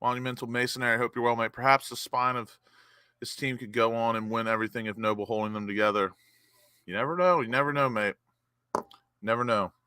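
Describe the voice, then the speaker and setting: A young man hosting a live football watch-along, cheering as an excitable fan. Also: mid-range voice, a little fast, smooth, no room sound.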